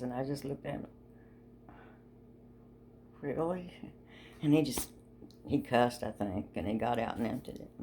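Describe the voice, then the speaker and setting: A woman's voice: rumbling low, darkish tone, a little hiss or hum. An older woman telling a rambling personal story in a chatty, folksy way, laughing often. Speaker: vlogger.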